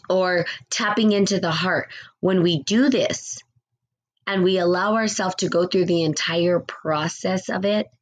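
A woman with a slightly low voice teaches spiritual ideas in a relaxed, chatty way. She reflects aloud and now and then acts out what people say. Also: rough recording.

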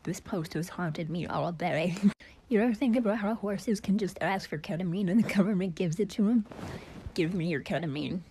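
A woman delivering short jokes in a dry, deadpan way. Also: fairly low pitch, normal speed, slight background noise, low-quality recording. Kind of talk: deadpan joke reading.

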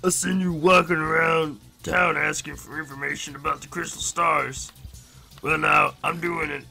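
A man voicing a blustering, pompous male villain commander in a video game, gruff and threatening as he barks orders. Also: fairly high pitch, little pitch movement, moderate pace, pushed and bright, soft background music, heavily acted. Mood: menacing.

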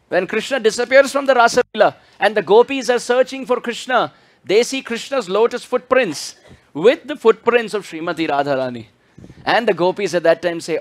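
Male preacher, high and expressive voice, chants scripture verses. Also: normal speed. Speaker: spiritual speaker. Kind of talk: sermon.

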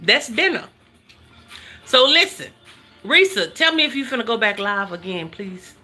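With a fairly high-pitched voice at a moderate pace, a cooking show host chats casually on her livestream while faint music plays behind. She teases playfully and reads viewers' comments aloud.

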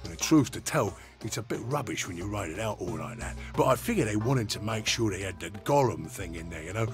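A man's voice: on the low side, lively intonation, fairly quick, close to an everyday voice. A man voicing a chatty male robot labourer with a broad, slangy Cockney accent. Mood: chummy. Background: game music.

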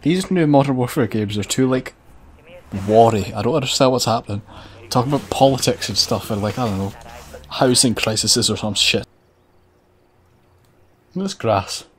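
A man's voice: mid-range voice, moderate pace, long pauses. A man giving sarcastic, sweary let's-play commentary over a video game. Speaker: gaming commentator.

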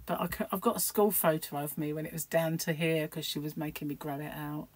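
A woman's voice: low voice, fairly even intonation, fairly quick, poor audio. A middle-aged woman vlogging at home in a rambling, chatty, self-mocking way. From United Kingdom. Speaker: crochet vlogger. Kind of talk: casual chat to camera.

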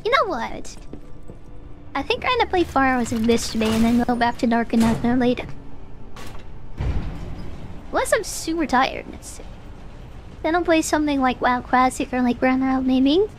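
High-voiced woman streamer, rambling chat. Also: lively intonation, normal speed, long pauses, faint music behind. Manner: rambling, many fillers. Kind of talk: casual gaming stream chat.

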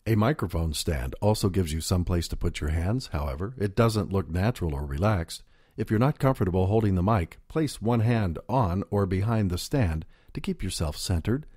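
A man reading a scripted instructional narration in a measured, clear voice, recorded on a close studio mic. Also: deep voice, dark tone, dry recording.

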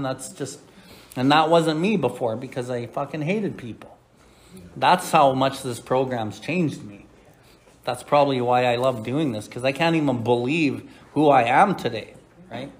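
Speaking at normal speed in a mid-range voice, a middle-aged Canadian recovery podcast host and sponsor mixes blunt, profane chat and frequent "right?" asides with passages read aloud from the Big Book.

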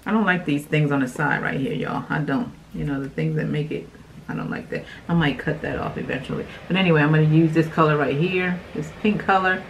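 Speaking fairly quickly in a low, steady tone, a forties-aged woman chats with her viewers while working through a makeup tutorial at home. The beauty vlogger's low-quality recording has slight background noise.

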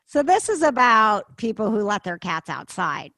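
A woman's voice: medium pitch, sing-song, moderate pace, bright, forceful tone, no room sound. A woman hosting a casual chat show, talking emphatically and laughing often. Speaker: podcast host.

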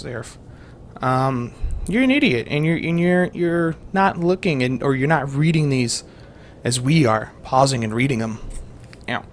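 A man's voice: mid-range voice, slight background noise. A young man giving rambling, jokey let's-play commentary to his viewers as a gaming host.

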